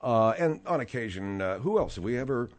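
A man hosting a comedy talk radio show from a studio, with brisk announcer plugs. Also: medium pitch, expressive. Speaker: radio host.

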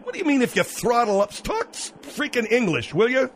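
A man's voice: very high voice, sing-song, fast, a little hiss or hum. A male call-in radio host who sounds exasperated and sarcastic with his callers. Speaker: radio talk show host.

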